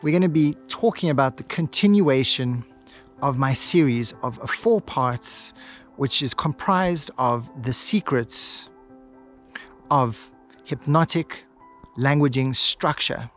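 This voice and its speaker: A man teaching how to speak hypnotically, with a voice in the middle of the male range. He swings from brisk, eager stretches into slow, hushed, drawn-out phrases with long pauses. Faint music plays underneath. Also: medium pitch. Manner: shifts between quick lively talk and slow, soft, pausing delivery. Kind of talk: instructional video monologue.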